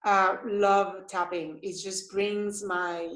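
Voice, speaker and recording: A woman from Costa Rica, a mother of young children, talking as an interview guest in an animated way, laughing often and restarting her sentences. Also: medium pitch, takes it slowly, reverberant, low-quality recording. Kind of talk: casual interview chat.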